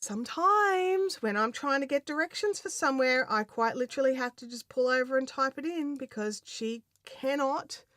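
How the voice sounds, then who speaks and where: A woman's voice: sits high, fairly bright tone, no echo. An Australian woman hosting a craft livestream, chatting casually and reading out viewer comments, with lots of fillers and laughter. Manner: chatty, rambling, laughs often, many fillers.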